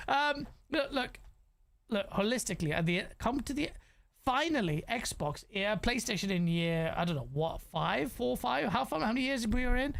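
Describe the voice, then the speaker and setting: A man hosting a gaming podcast in casual chat, ranting in an animated way, swearing freely and stumbling over restarts. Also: sits high, moderate pace, creaky.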